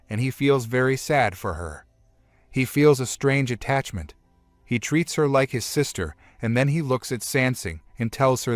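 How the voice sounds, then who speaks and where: A man's voice: mid-range voice, expressive, normal speed, no echo. A man steadily retelling a comic story as a scripted recap narrator, in plain, simple phrasing.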